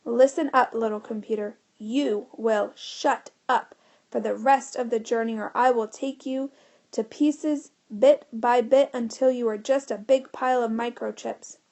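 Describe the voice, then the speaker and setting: A woman's voice: fairly high pitch, steady tone, unhurried, darkish tone. Threatening schoolboy bully in a storybook, raised and hard-edged, read by a woman. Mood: menacing. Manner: fierce, threatening. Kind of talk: audiobook character voice.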